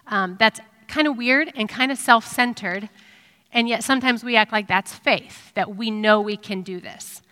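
A middle-aged woman giving an earnest, reflective devotional sermon, pausing with ums. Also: on the high side, pushed and bright. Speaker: speaker giving a devotional talk. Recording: long reverb of a hall.

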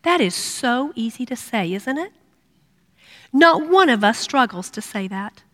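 A middle-aged woman giving a sermon to women, earnest and personal, dropping to a hush when she voices prayers. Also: a little high, expressive, measured pace. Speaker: women's ministry speaker. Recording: long reverb of a hall.

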